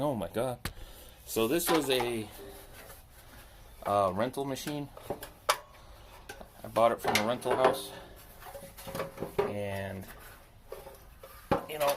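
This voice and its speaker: A man's voice: on the low side, vocal fry, noisy background. A man chatting casually and rambling while he repairs a machine, poking fun at himself as he works. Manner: rambling, self-deprecating, talks to himself while working. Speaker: landscaping business owner repairing equipment. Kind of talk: casual chat while working.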